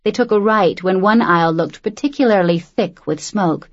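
A woman narrating a novel as an audiobook, reading in a measured, steady way on a dull lo-fi recording. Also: mid-range voice. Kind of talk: scripted narration.

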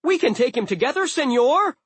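A gleeful talking sword with a squeaky, shrill voice, shouting his own praises in an audiobook. Loud and bursting with excitement, he swoops high on every line. He sounds eager for any fight. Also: fairly quick, breathy edge, dry recording, exaggerated voice. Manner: excited, yelling, sing-song. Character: cheerful boastful male talking sword.

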